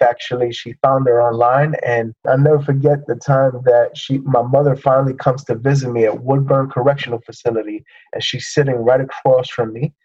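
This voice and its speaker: A man's voice: medium pitch, darkish tone, highs cut off. A man, a podcast guest, giving an emotional, conversational personal testimony.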